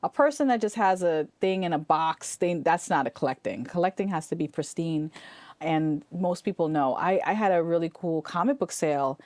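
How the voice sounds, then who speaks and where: Chatty woman, low voice, dry sound. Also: moderate pace, dry recording. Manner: chatty and animated, laughs often, many restarts. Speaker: estate sale owner and real estate agent, guest. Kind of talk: casual interview chat.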